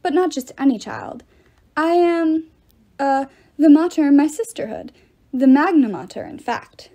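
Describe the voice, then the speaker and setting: A quick-witted teenage girl who answers back with defiant, bluffing confidence, voiced by a woman reading aloud. Her voice is fairly high and lively, with a soft, mellow tone. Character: bold clever teenage girl demigod.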